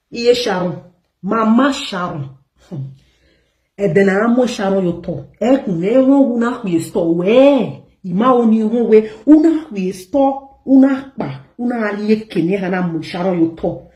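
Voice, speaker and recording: A woman's voice: mid-range voice, a little mellow, roomy sound. A Nigerian woman hosting an online gossip show, ranting at her viewers in an emphatic, scolding way and repeating words for stress.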